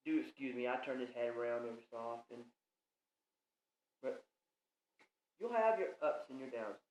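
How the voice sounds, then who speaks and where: A man's voice: mid-range voice, expressive, normal speed, a little mellow. A man giving an emphatic, preachy monologue to the camera, repeating his points. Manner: preachy, emphatic, repeats himself, talks straight to the viewer. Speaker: video blogger ranting. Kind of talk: impassioned monologue. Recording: echoey room, muffled sound.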